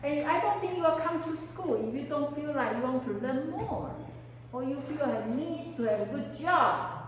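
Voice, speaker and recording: A woman with a fairly high voice gives a counseling lecture, often stopping to ask her class questions. Her English has non-native phrasing. She sounds a long way from the microphone, in a hall with strong reverberation. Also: expressive, moderate pace, slight background noise. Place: lecture room with students. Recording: echoey hall, mic far off.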